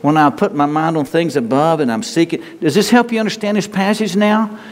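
A man's voice: fairly high pitch, brisk, big-room sound. A man pastor preaching a sermon in an earnest, conversational way, often repeating and restarting his words.

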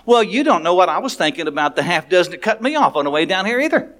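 A man's voice: sits high, sing-song, fast, a bit bright. A man, a pastor, preaching a sermon in a conversational, frank way, often restarting his sentences.

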